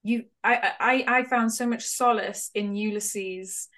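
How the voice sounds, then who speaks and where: A woman's voice: mid-range voice, fairly even intonation, a little slow, a bit bright. A woman hosting a podcast, chatting casually and thoughtfully. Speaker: podcast host. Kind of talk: casual chat.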